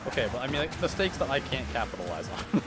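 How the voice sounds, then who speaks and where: Man, casual gaming chat, excitable, sarcastic, laughs a lot, animated pitch. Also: fast, over music. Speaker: gamer and co-host.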